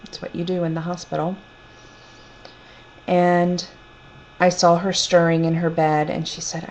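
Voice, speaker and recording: A woman telling a personal story in a gentle, reflective, unhurried way. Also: on the low side, fairly even intonation. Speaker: storyteller sharing a personal testimony. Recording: dull lo-fi recording with faint hum.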